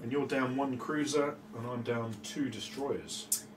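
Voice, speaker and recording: A man's voice: medium pitch, a little slow. A man chatting casually and joking while playing a tabletop wargame, explaining lore at length. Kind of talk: casual chat during a game. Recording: roomy distant mic with background noise.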